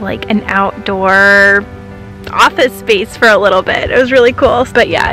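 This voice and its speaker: A young woman with a Midwestern American accent chats to her camera in a casual vlog. Her voice sits a little high, and she gushes and bubbles over with excitement. Soft music plays faintly underneath. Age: young adult. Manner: bubbly and effusive, gushing with excitement. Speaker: vlogger.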